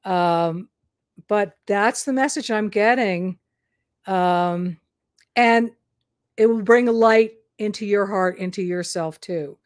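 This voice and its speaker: A woman offers a psychic reading in a slow, halting way, filling her pauses with soft "ums." Her voice is recorded close and dry, with no room sound. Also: medium pitch, dry recording. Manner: hesitant, many fillers. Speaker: psychic reader. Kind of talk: live-stream psychic reading.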